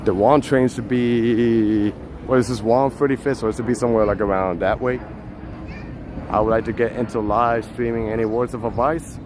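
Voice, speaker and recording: A man live-streaming as he walks a city street outdoors, chatting to viewers in a relaxed way and laughing often, on a handheld phone. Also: medium pitch, normal speed, background noise. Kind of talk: walking live-stream chat.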